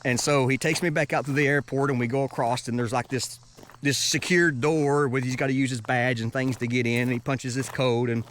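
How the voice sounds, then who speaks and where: A man's voice: mid-range voice, fairly even intonation, fairly quick, fairly bright tone, slight background noise. A man telling a travel story in a casual, rambling way, with many restarts. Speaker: travel vlogger.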